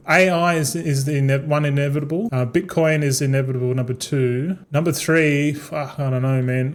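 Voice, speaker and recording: A man's voice: on the high side, darkish tone. Rambling, swearing young man streamer. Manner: repetitive, stumbling, swears freely. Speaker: gaming streamer. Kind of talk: casual rambling stream talk.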